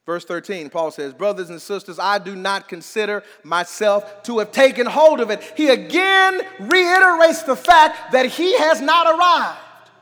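A man preaching a sermon as pastor, calling on the congregation to answer back and swinging between quiet talk and shouting. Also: very high voice, lively intonation, measured pace, big-room sound.

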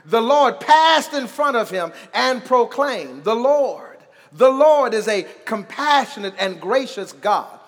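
A pastor delivering a sermon in a church, building to shouted emphasis and dropping into humorous asides. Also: male voice, very high voice, animated, slow pace, soft background music. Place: church sanctuary. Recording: long reverb of a large hall.

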